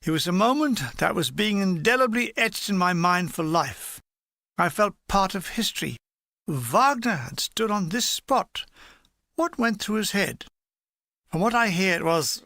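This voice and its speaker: A man's voice: high-pitched, animated, unhurried, gravelly, bright, forceful tone, no room sound. A man reading a humorous war memoir aloud in a dry, playful storytelling manner. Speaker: audiobook reader.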